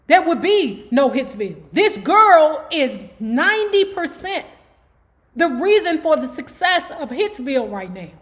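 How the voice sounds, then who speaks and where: A woman voicing a stern older mother who loudly scolds her grown son, then pleads with him. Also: high-pitched, sing-song, unhurried, pitched above the performer's own voice. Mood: scolding. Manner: loud, scolding, emphatic.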